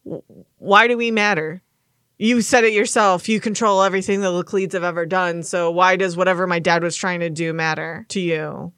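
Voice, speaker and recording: A woman's voice: lowish voice, moderate pace, no room sound, studio quality, natural voice. A woman playing a defiant young woman. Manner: defiant, pointed questions. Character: defiant young woman facing a crime boss.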